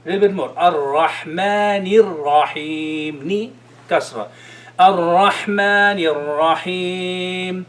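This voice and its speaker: Male recitation teacher, fairly high voice, drills syllables slowly and chants verses in class. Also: a bit bright. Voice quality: chants Arabic verses in a sung tone.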